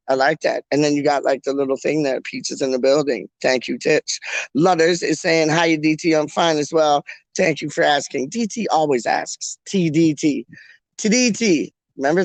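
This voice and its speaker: Young guy hosting a fan stream, rambling and jokey, voice on the high side, dry close mic. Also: no room sound. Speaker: fan channel host. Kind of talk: casual solo live-stream chat.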